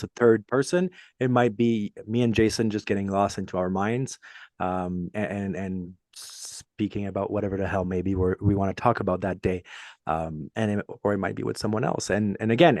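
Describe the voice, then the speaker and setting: A man with a French accent co-hosting a podcast in casual chat, talking in halting bursts with frequent restarts and fillers. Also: on the low side, darkish tone, no room sound, clean studio sound. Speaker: podcast co-host.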